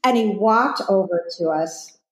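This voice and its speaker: A woman co-hosting a podcast, chatting in an animated, enthusiastic way, recorded on a laptop microphone. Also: mid-range voice, unhurried, reverberant. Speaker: podcast co-host. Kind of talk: casual chat.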